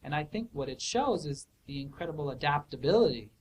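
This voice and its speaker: A man's voice: a little high, animated, fairly quick, a little hiss or hum, poor audio. A man answering student questions in a casual academic way, thoughtful and hesitant, with many fillers and restarts. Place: office hour recording.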